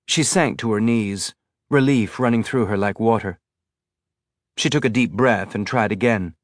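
A man narrating an audiobook in a measured, tense storytelling manner. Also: fairly low pitch, no room sound, studio quality. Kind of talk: scripted narration.

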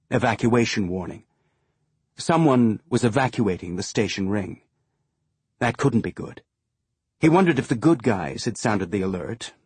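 A man reading an audiobook in steady, measured scripted narration. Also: lowish voice, breathy edge, no room sound.

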